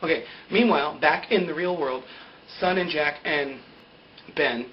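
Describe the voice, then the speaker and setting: A young man recapping a TV episode in a casual, chatty way, full of fillers and quick laughs. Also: fairly high pitch, lo-fi sound, slight background noise. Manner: chatty, filler-heavy, often laughs at own jokes. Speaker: TV recap vlogger. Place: indoor greenscreen video setup.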